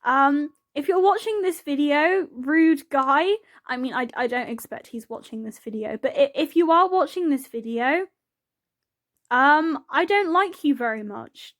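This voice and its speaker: High-voiced chatty woman. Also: expressive, a little slow, a bit bright. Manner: chatty, rambling, giggly rant with many "like"s. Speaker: YouTuber narrating a game build. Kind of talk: casual voice-over chat over gameplay.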